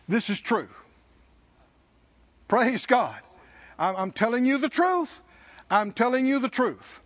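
In this sermon, a high-pitched and very animated male preacher guides the congregation through call-and-response with slow, emphatic lines. The audio's high frequencies are cut off.

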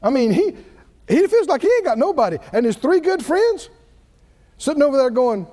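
A man preaches in a very high, lively voice that rises and drops as he acts out each person in the story. His sermon rings with the long reverb of a large hall. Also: moderate pace. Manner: animated storytelling, acting out voices with big pitch swings.

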